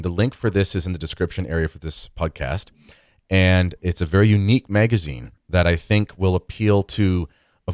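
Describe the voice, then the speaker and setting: A man's voice: sits low, no room sound, studio quality. A man hosting a podcast in a chatty, self-deprecating conversational way. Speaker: podcast host.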